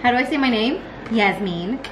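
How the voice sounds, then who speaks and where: A woman's voice: fairly high pitch, animated, normal speed. A woman chatting casually with her family at home, giggly and bouncy. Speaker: vlogger's sister. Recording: echoey, distant, noisy room.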